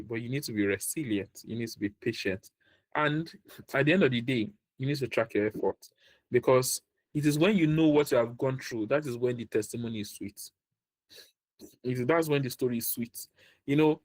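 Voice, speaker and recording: A man's voice: medium pitch, dry recording. A man giving a motivational career talk, repeating his points, laughing often and acting out the people he quotes. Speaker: career workshop speaker.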